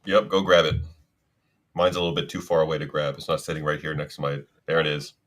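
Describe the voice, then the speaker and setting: A man's voice: rumbling low, level tone, quick pace. A man co-hosting a podcast, chiming in with short remarks in casual chat. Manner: short interjections and laughs. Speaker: podcast co-host.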